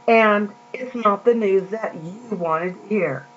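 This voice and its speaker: A woman giving a casual sermon, reading scripture slowly and drawn out between chatty asides. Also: medium pitch. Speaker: preacher. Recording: dull lo-fi recording with mains hum.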